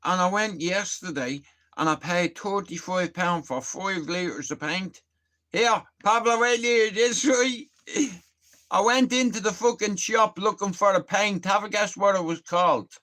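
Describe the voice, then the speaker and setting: A man's voice: high-pitched, a little slow, bright, forceful tone. Sweary Irish man streaming live. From Ireland. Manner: sweary, rambling storytelling, laughs at own tales. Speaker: livestreamer. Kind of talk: casual live-stream chat.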